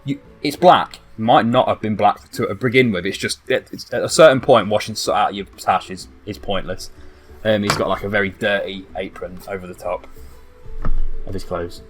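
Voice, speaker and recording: A man's voice: lowish voice, normal speed, soft background music. A man narrating a tabletop game as game master, rambling casually and swearing now and then.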